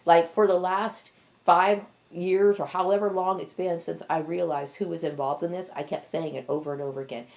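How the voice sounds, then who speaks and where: A woman's voice: lowish voice, steady tone, normal speed, vocal fry, a little mellow. A middle-aged woman in a personal monologue to camera, blunt and defiant, stressing each point with "okay?". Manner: emphatic, repeats "okay?" for stress. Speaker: vlogger.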